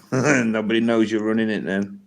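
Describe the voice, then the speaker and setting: A man's voice: on the low side, fairly even intonation, a little slow, vocal fry. A man chatting playfully on a group call over headphones, calling others "mate" and "dude". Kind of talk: casual chat. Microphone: headphones on a video call.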